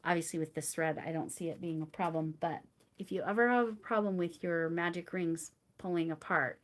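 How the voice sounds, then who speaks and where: A woman's voice: on the low side, fairly quick. Middle-aged woman crochet streamer; casual, rambling chatter to live viewers, easy laughs, lots of fillers. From United States. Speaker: crochet livestream host.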